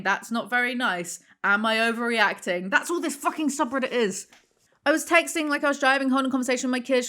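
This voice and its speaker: Sarcastic woman reacting to Reddit posts. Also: fairly high pitch. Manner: sarcastic, swears freely, reads messages aloud in flat deadpan. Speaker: YouTuber reading Reddit posts. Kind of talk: casual reaction commentary.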